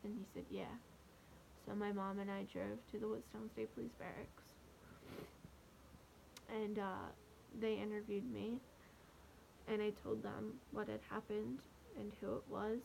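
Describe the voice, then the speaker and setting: Young woman vlogger, gravelly fry, soft and halting, faint hiss behind. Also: mid-range voice, flat delivery, low-quality recording. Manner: soft, halting, with many pauses and fillers. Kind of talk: personal storytelling to camera.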